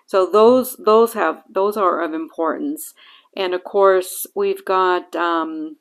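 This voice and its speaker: A woman hosting a bible-reading podcast, talking in a halting, earnest way with many fillers and restarts. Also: lowish voice. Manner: earnest and reflective. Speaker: podcast host reading scripture.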